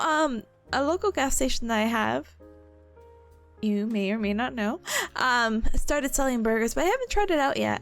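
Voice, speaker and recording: A young woman chats casually on a live stream, her voice high and swinging widely in pitch. She giggles a lot and drops into silly playful voices. Faint music plays quietly behind her.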